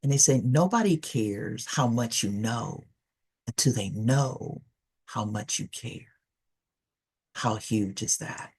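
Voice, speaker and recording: Her voice is extremely low, a little mellow, with a breathy edge. She's a middle-aged trainer presenting conversationally in an online session, animatedly telling stories and encouraging listeners to take part.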